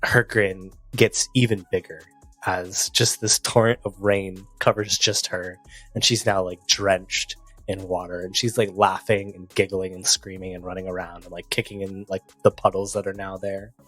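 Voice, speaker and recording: A man's voice: low-pitched, little pitch movement, normal speed, fairly bright tone, faint music behind. A man narrating a tabletop game as game master, loose and full of fillers.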